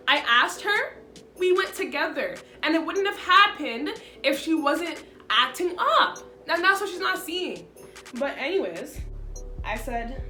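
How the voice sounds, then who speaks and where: A young woman with a high voice tells a storytime in an animated, exasperated way, scattering "like" through her sentences. She talks in an echoey room with faint music in the background. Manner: animated, exasperated retelling full of "like". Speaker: vlogger. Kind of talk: storytime vlog.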